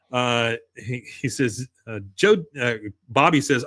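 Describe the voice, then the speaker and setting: Brief: male podcast host, mid-pitched, dry close sound, retelling scenes with a chuckle. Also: moderate pace, fairly bright tone, dry recording. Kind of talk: casual episode recap.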